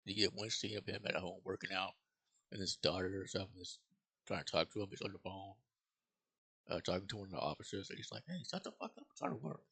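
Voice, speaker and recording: A man's voice: low-pitched, steady tone, quick pace, vocal fry, bright, forceful tone, husky. A man giving a casual, rambling movie review, swearing freely and full of fillers and restarts.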